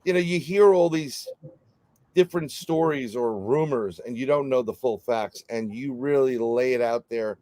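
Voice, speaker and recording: A man's voice: medium pitch, normal speed, a little mellow, no echo. A man with a New York accent hosting an interview, chatty and jokey, rambling with lots of fillers. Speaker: podcast host. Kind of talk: casual interview chat.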